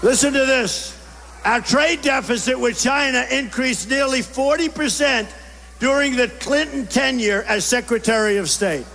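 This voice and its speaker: A man delivers a bombastic campaign rally speech, hammering short repetitive phrases. His voice sits high for a man and rings through a large hall with a long reverb tail, with a faint crowd murmur underneath. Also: measured pace, vocal fry, sharp tone, a little hiss or hum. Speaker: political speaker at a rally. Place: large indoor rally venue.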